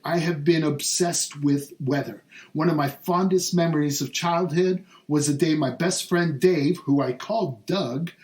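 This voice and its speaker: A man hosting a vlog, delivering an exasperated, sarcastic comedic rant in a grumbling tone. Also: on the high side. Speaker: vlog host. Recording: roomy echo.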